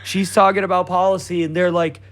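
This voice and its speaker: A man's voice: sits high, flat delivery, a little fast, a bit bright. A young man co-hosting a casual podcast, ranting heatedly with lots of swearing and mocking impressions of the people he criticizes. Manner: profane, heated, mocking voices mid-rant. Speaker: podcast co-host.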